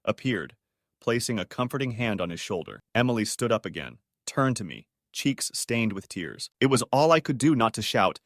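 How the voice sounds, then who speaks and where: A man's voice: on the low side, expressive, a little fast, no room sound, studio quality. A man narrating a dramatic first-person story in a scripted, emotional read.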